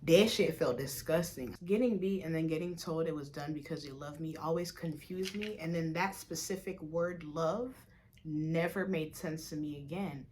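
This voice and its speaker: A young woman from Africa talks straight to camera in a casual vlog, her voice sitting on the low side. She is blunt and swears freely, flaring up loud one moment and dropping to a mutter the next. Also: normal speed, a little hiss or hum. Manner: blunt and profane, swings between loud outbursts and low mutters. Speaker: vlogger. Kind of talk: casual candid vlog commentary.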